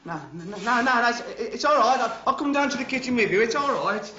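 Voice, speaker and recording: An actor playing an anxious, long-winded builder, who lectures in an excitable way. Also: male voice, very high-pitched, a little fast, exaggerated voice. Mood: flustered. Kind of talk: TV drama acting. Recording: dull TV soundtrack, faint noise.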